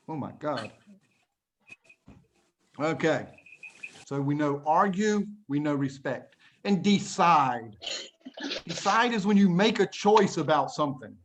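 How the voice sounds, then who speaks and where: A man's voice: a little high, animated, slow, pauses often, slight background noise. A man teaching an online English lesson to children, explaining words patiently and plainly, laughing often, over a video call. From United States.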